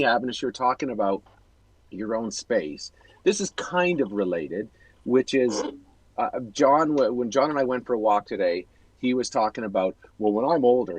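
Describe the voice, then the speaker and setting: A man's voice: on the low side, husky, dry recording, rough recording. A man hosting a casual video-call chat, telling a long, rambling personal story with self-corrections. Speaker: host.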